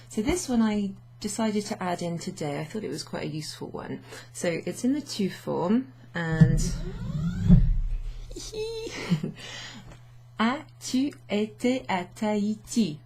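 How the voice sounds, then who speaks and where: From a home office with a standing desk, a young woman leads a laid-back French lesson, slipping between English and French and laughing often. Her voice is fairly low, creaky, and mellow, with a little hiss or hum in the background.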